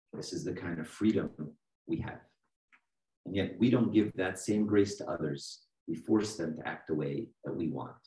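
This middle-aged archdeacon speaks in a low, mellow voice at normal speed, giving a conversational sermon in church and often checking in with his listeners. It was recorded from a distance in an echoey room.

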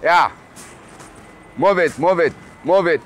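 A man's voice: on the high side, takes it slowly, a bit bright. A man with a Nigerian accent playing a pushy police officer who extorts a driver in a comedy skit. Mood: bossy. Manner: bossy, sly, demanding.

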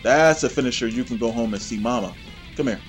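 A man hosting his own gameplay channel, giving excitable, trash-talking play-by-play commentary. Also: mid-range voice, quick pace, faint music behind.

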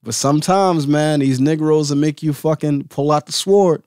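A man hosting a solo podcast, giving a heated, profane and confrontational rant that now and then drops to a low, calm voice. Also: normal speed, clean tone, no room sound, clean studio sound. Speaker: host.

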